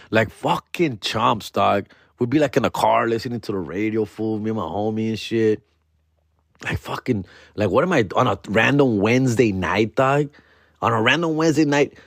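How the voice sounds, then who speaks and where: A man spins a rowdy story on his comedy podcast, heavy on swearing and street slang with Spanish mixed in. His voice sits at a middle pitch and jumps up sharply whenever he mimics someone else. The sound is close and dry, with no room echo. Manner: profane, slangy, switches into Spanish words; acts out other people in high-pitched voices. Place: podcast studio.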